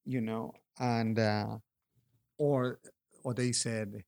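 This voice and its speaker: A middle-aged man talking in a casual interview, hesitant and halting, full of fillers, with a self-deprecating humor. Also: medium pitch, little pitch movement, vocal fry, darkish tone. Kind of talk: casual conversation.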